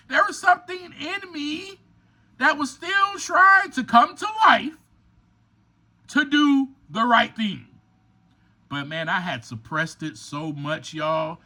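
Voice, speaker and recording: Male podcast host, motivational preacher type; very bright, forceful tone, slow deliberate delivery, direct and repetitive. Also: extremely high pitch. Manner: emphatic and preacher-like, bursts to near shouting; addresses listeners directly, repeating phrases. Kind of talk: motivational monologue.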